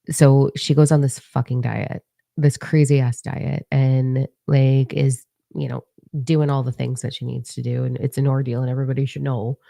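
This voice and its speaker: A middle-aged woman from Canada gives a blunt, profane motivational talk as a spiritual coach. Her voice is low and dark, with plenty of gravelly fry. The recording is close and dry. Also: no room sound. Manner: blunt, profane, animated storytelling. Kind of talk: casual motivational monologue.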